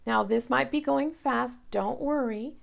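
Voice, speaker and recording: A woman's voice: fairly high pitch, measured pace, creaky. A woman teacher giving a recorded lesson to young children, patient and careful, stretching out sounds and repeating words.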